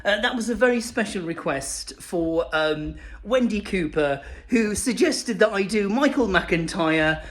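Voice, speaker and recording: A man's voice: high voice, lively intonation, unhurried, hardly any pauses, fairly bright tone. A man, a comedian, casually and hesitantly explaining a viewer's request in his plain voice.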